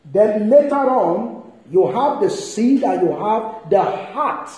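A man preaching a sermon, emphatic and animated, reading and expounding scripture. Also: high-pitched, slow pace. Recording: echoey hall.

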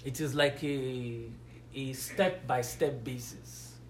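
A man's voice: mid-range voice, fairly even intonation, takes it slowly. Male preacher, conversational Bible teaching, punches key words, roomy echo with faint background hiss. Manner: builds to emphatic, rising stresses on key words; asks the listeners questions, waits for replies.

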